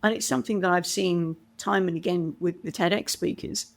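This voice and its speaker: A woman's voice: lowish voice, fairly quick, vocal fry. A middle-aged British woman, a communication coach, telling stories in a podcast interview and acting out what others said. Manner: animated storyteller, acts out quoted voices.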